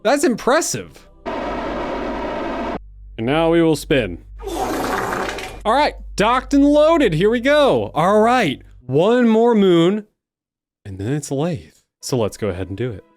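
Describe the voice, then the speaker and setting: Young male gamer, lively animated pitch, excited self-talking let's-play commentary, faint music underneath. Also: slow pace, long pauses. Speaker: gaming YouTuber.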